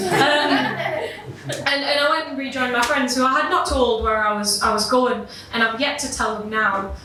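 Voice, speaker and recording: A woman's voice: on the high side, moderate pace, noisy background. A young woman telling a personal story live at a gig, self-deprecating and swearing casually, laughing through her lines. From Britain. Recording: echoey room, voice from far off.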